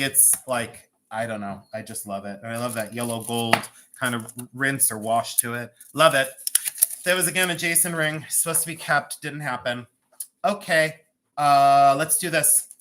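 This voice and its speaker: Bright, chatty live-sale host. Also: mid-range voice, measured pace, a little hiss or hum. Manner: chatty, joking, laughs often. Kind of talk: live-stream selling chat. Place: home.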